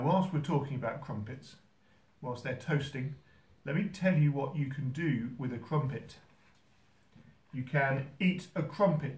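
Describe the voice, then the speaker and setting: A man hosting a how-to video from a holiday home kitchen, talking in a dry, mock-serious, gently teasing way. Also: mid-range voice, echoey room, distant mic. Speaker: host. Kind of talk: deadpan comic how-to video.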